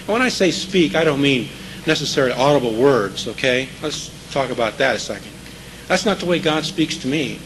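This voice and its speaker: A man's voice: mid-range voice, lively intonation, fairly quick, fairly bright tone, a little hiss or hum, low-quality recording. A man preaching a sermon in a conversational way, checking in with his listeners and repeating key scripture phrases for emphasis.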